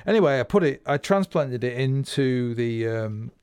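A drum teacher and podcast host rambles through a casual spoken lesson, restarting phrases, correcting himself, counting beats and vocalizing drum patterns. His mid-range voice is animated, smooth and darkish, at a normal pace with no echo.

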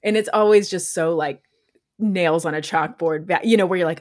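A woman's voice: on the low side, moderate pace. A young adult woman, a podcast co-host and stand-up comic, telling stories in casual chat with frequent laughter and swearing. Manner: animated, laughs often, swears.

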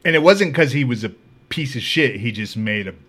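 A man hosting a podcast, telling stories in a casual, animated and profane way. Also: medium pitch, fairly quick. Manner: animated, profane, laughing storyteller. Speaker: podcast host. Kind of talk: casual storytelling chat.

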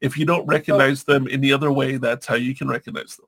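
A man's voice: medium pitch, level tone, fast talker, a bit bright, slightly rough. A man reviewing a movie in casual chat, rambling, laughing often and acting out scenes.

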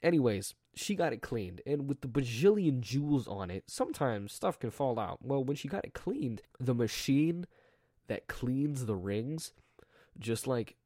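A teenage boy with a rough, strained throat, chatting casually on his own in a rambling, joking way, full of restarts and self-corrections. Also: medium pitch, very animated, measured pace, warm tone, dry recording, studio quality. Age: teens. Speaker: podcast diarist. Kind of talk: casual solo vlog chat.

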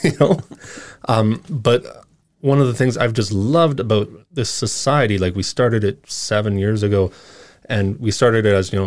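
A middle-aged man in casual conversation as a podcast guest, telling stories with quick laughs and searching for his words. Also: on the low side, dry recording. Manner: animated storyteller, quick laughs.

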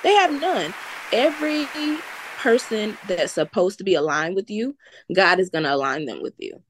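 A woman's voice: mid-range voice, big pitch swings, normal speed, slight background noise. A woman from the American South, a business founder, telling her story in an earnest, faith-filled, encouraging way during an interview. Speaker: entrepreneur guest. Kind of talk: casual interview chat.

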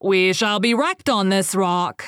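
Urgent storybook sea captain, read by a woman, low voice, dry sound. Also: lively intonation, moderate pace, no room sound, close to an everyday voice. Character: ship's captain, a grown man.

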